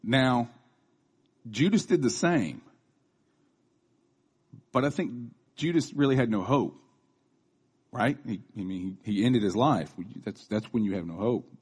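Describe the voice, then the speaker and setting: A man's voice: mid-range voice, animated, a little slow, pauses often, a little mellow, husky. A man in his thirties giving a casual, conversational sermon, chatty, with restarts and asides. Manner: acts out quoted voices. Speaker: preacher.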